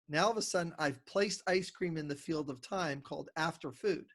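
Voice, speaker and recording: A man's voice: on the high side, fairly quick, hardly any pauses. A middle-aged man, a podcast guest, explaining ideas in conversation and acting out little dialogues from his stories. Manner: animated storyteller who acts out little dialogues. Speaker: podcast guest, communication consultant.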